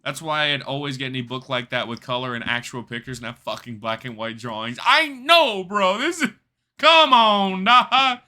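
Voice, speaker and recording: At a normal speed and a somewhat high pitch, a young man gives casual commentary while streaming a survival game. He laughs often, swears heavily, uses slang, and reads the chat aloud in a lively way.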